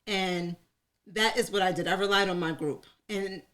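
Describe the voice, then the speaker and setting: A woman's voice: medium pitch, fairly even intonation, normal speed, fairly bright tone. A woman co-hosting a live talk in front of an audience, sharing her story openly and chattily, laughing often. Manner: open, chatty, laughs often, calls herself an oversharer. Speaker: co-host. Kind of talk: candid personal conversation.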